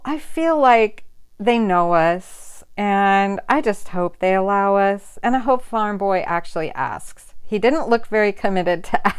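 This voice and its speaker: An older woman vlogging casually as she opens happy mail, gushing and excitable, often squealing with delight and getting emotional. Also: a little high, clean tone. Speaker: budgeting vlogger.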